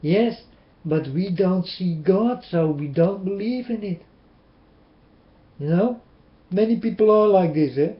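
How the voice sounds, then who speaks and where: Urgent high-voiced man preaching to webcam. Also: animated, unhurried, long pauses. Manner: urgent, repeating, pleading with listeners. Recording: roomy, dull webcam audio.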